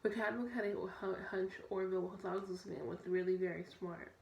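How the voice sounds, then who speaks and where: A woman's voice: mid-range voice, steady tone, fast talker, vocal fry, a little mellow, dull audio. Young woman reading a storybook aloud. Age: young adult. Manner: stumbling, self-correcting read. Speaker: student reader. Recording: echoey room, faint noise.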